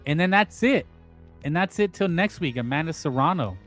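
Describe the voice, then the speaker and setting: A man hosts a casual boxing talk livestream in a slightly higher-than-usual voice. He rambles bluntly, trips over restarts and drops crude asides. Faint music plays underneath. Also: animated, moderate pace, fairly bright tone. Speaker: boxing talk show host.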